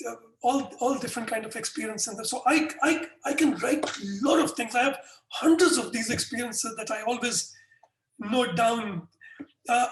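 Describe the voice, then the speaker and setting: Echoey, distant middle-aged man telling stories. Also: very high voice. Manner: animated anecdotes with frequent restarts. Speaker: guest. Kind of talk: conversational storytelling. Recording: echoey room, distant mic.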